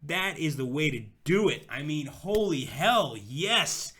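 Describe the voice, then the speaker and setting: Young male streamer, excitable, profane, bright tone. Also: on the high side, slow pace, slightly rough. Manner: excitable, swears freely. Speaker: game streamer. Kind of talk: live game commentary.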